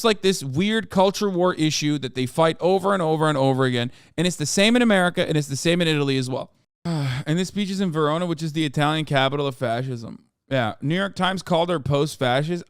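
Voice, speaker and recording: Brief: sarcastic male streamer in his thirties, smooth voice, dry close sound. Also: on the high side, fairly bright tone, no echo. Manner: sarcastic, profane, rambling. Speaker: streamer reacting to news. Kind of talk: casual political commentary.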